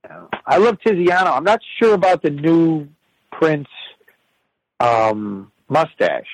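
A man with a gravelly, husky voice spins rambling, profanity-laced stories. His pitch sits a bit high for a man, and the sound is close and dry. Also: lively intonation, unhurried, low-quality recording. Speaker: podcast guest storyteller. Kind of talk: casual chat.

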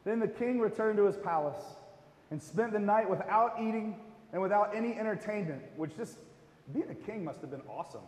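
Male pastor with a high voice, casual and chatty, long hall reverb. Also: animated, brisk, darkish tone. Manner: casual and conversational, with fillers. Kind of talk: sermon.

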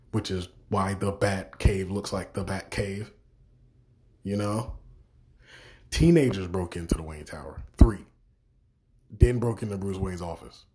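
Young male podcaster, low-pitched, profane and exasperated, circles back and repeats himself. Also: darkish tone. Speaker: podcast host. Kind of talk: profane ranting review.

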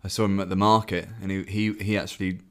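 A man's voice: deep voice, level tone, quick pace, clean tone. A man co-hosting a podcast, chatting casually with many fillers and laughs. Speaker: podcast co-host. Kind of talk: casual chat. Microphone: headphones on, podcast mic.

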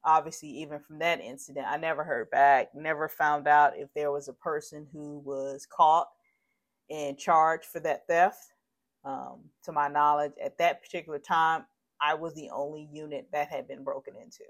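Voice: mid-range voice, steady tone, normal speed, a bit bright. An adult podcast host speaking in a candid, rambling personal monologue, shaken and turning heated and profane.

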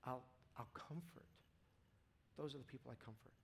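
A male pastor delivers a sermon in a casual, conversational way. His medium-pitched voice moves between hushed, quiet stretches and loud, intense outbursts. He talks to a congregation in a church hall. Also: normal speed, gravelly, husky. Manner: casual preaching, swings from hushed to loud and fervent.

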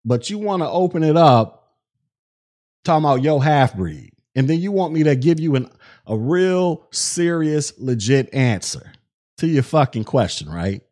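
With a slightly high, animated voice at a measured pace, a middle-aged man runs livestream commentary on his podcast, reading chat aloud. He gets irritated with a viewer, curses, and rises to shouting.

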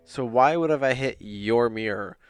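A man's voice: medium pitch, normal speed, smooth, no room sound, studio quality. A man in a casual chat, telling indignant stories about driving. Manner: indignant storytelling. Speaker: podcast co-host.

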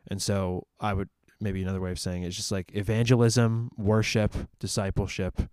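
A man's voice: on the low side, flat delivery, normal speed, darkish tone, smooth, no room sound, studio quality. A man who ministers at a church, talking through ideas about the church's purpose in a casual discussion, thinking aloud with fillers and restarts.

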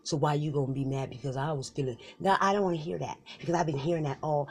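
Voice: medium pitch, steady tone, fast, darkish tone, slight background noise. A performer in a solo comedy skit voicing both sides of a bickering couple, with slangy, profane banter and mumbled asides. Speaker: comedic podcaster.

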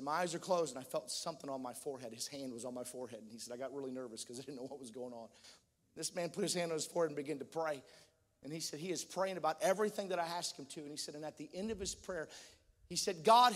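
A man preaching a sermon, retelling a testimony in quotes and building to shouted fervor. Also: a little high. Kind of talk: sermon storytelling. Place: church sanctuary. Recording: long reverb of a church hall.

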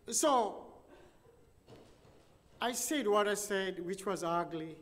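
Animated high-voiced pastor in a hall. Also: male voice, slow, pauses often. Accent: Texan. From United States. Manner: animated, acts out both sides of the story. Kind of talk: sermon storytelling. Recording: long reverb of a large hall.

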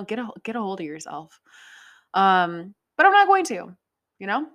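Host, female, fairly low voice, loose rambling chat, swears a lot. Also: big pitch swings, moderate pace, a bit bright. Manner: rambling, swears freely, laughs often. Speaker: podcast host. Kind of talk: casual chat.

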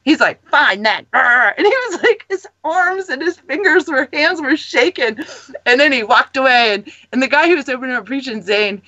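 A woman with a fairly high voice tells stories in an animated, rambling way and keeps breaking into laughs. The audio is dull and lo-fi, with a close, dry sound. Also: moderate pace, no room sound. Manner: animated storytelling, laughing often. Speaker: campus ministry guest. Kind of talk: casual chat.

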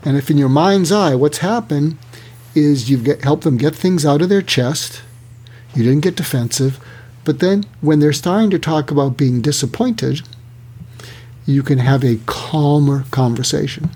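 A man's voice: on the high side, a little slow, husky. A man, an author being interviewed, explaining techniques in a conversational way and acting out example dialogue. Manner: animated, acts out dialogue examples. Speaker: author and guest.

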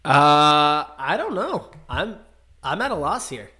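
A man co-hosting a casual podcast, guessing songs, animated and incredulous, laughing often. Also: on the high side, slow pace, husky. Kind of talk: casual chat. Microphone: headphones and microphone.

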